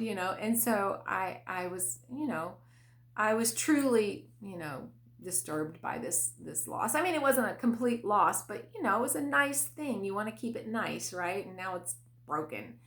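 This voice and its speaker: A middle-aged woman hosting a podcast, telling a personal parenting story in a casual, chatty way with fillers and soft laughs. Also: mid-range voice. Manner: conversational, many fillers, laughs between phrases. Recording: echoey room.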